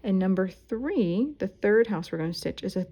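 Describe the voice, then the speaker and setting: A woman's voice: medium pitch, lively intonation, normal speed, mellow. A woman, teaching embroidery at home in a chatty, self-deprecating way. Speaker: embroidery instructor. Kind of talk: casual tutorial talk while stitching. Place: at home, indoors.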